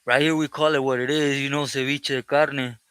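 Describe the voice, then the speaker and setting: A man's voice: medium pitch, little pitch movement, brisk, a bit bright, clean tone, dry recording. A man hosting a live stream, greeting viewers by name, switching between English and Spanish and often thanking God. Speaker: livestream host reading chat. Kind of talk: casual live chat with viewers.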